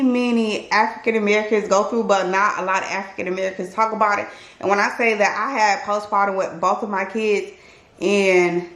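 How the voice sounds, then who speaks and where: A woman's voice: medium pitch, a bit bright. A woman vlogging to her viewers in a chatty, candid way, talking to them directly as y'all. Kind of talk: casual talking-to-camera vlog. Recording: roomy echo.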